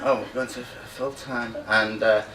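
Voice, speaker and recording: A man's voice: mid-range voice, fairly even intonation, unhurried. A man doing a live stand-up comedy monologue at a reunion, rambling, losing his place and bantering with the crowd. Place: hall at a treatment centre reunion, live audience. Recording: echoey room, distant mic, loud crowd ambience.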